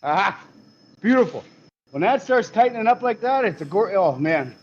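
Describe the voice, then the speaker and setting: A man's voice: sits high, sing-song, normal speed, muffled recording. A man hosting a live stream, casually explaining his workshop work and cracking jokes. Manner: jokey, explains while working. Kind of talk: casual chat while working in a workshop.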